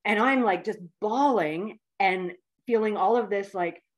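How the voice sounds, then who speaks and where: A woman in her fifties, a guest telling a personal story in a heartfelt, animated way with many fillers. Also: mid-range voice, unhurried. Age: 50s.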